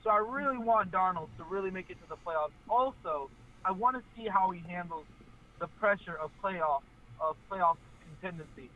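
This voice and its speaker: A man from Florida calling in to a sports talk show, eager and earnest, thinking out loud with plenty of fillers. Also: high-pitched, moderate pace, phone-quality sound. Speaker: caller.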